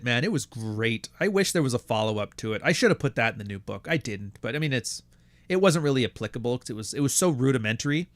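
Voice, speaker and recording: A man's voice: medium pitch, a bit bright, no echo. Profane sardonic man on a podcast. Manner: profane, sardonic storytelling with mocking quoted voices. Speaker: podcast host. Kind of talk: casual monologue.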